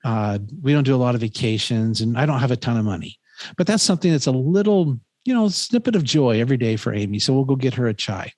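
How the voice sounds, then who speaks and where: With lively intonation and a quick, darkish-toned medium-pitched voice, a man in his fifties tells a story in casual conversation. A professor and podcast host, he is earnest and rambling, restarting often and using plenty of fillers; there's no echo.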